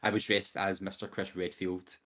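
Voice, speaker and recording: In casual podcast chat, a young adult male co-host talks at normal speed in a low-pitched, slightly bright voice with a flat delivery. Still, he's enthusiastic, rambling with lots of fillers and quoting voices animatedly.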